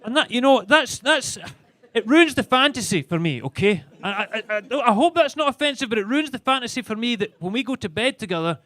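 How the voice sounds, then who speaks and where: A man's voice: high voice, fairly bright tone. A young Scottish man performing a rambling stand-up set on a comedy club stage, often stammering and restarting. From Scotland.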